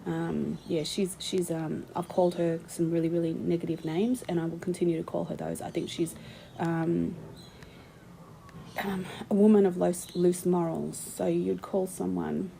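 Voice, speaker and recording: A woman's voice: on the low side, flat delivery, normal speed, gravelly, warm tone, slight background noise, low-quality recording. A woman, giving rambling, opinionated commentary full of ums as she talks through her screen. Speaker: vlogger. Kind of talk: casual screen-share commentary.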